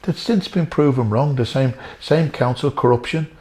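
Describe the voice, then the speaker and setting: A man's voice: medium pitch, moderate pace, a little mellow. A middle-aged Irish man, a former boxer, telling emotional stories in an interview, earnest and repeating himself for emphasis. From Ireland. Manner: earnest, repetitive, addresses the host by name. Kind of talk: emotional storytelling.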